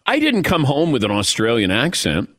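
A middle-aged man hosting a sports radio show in casual chat, animated and laughing often. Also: mid-range voice, moderate pace.

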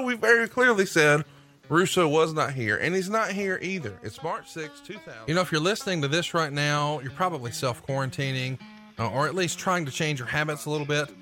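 A male podcast host, doing jokey, brisk ad reads in a casual way. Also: fairly high pitch, bright, forceful tone, dry recording.

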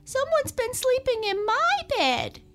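A woman voicing a tiny, upset baby bear cub in a storybook reading, with a high, squeaky, crying voice. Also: wildly swooping pitch, measured pace, a bit bright, full character voice.

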